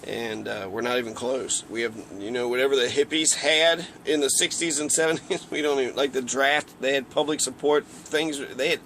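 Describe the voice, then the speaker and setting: A man's voice: mid-range voice, steady tone, normal speed, hardly any pauses, fairly bright tone, a little hiss or hum. A man giving a casual, heated political rant, rambling and swearing often. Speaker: political commentator.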